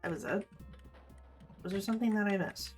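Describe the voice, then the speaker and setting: A woman's voice: mid-range voice, fairly quick, darkish tone, soft background music. A woman in her thirties streaming a game, talking in a rambling, profane, candid way as she plays. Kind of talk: casual gameplay commentary.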